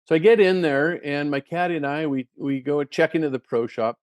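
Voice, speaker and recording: An older man, a guest and former touring golfer, telling stories in a casual, animated way with many restarts and repeated words. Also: fairly high pitch, brisk, no echo. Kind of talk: casual storytelling.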